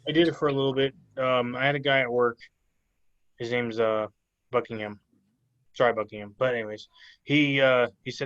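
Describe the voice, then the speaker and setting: A man's voice: mid-range voice, steady tone, moderate pace, long pauses, fairly bright tone. Rambling man on dull audio. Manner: rambling, with many fillers. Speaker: podcast guest. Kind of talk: casual podcast chat.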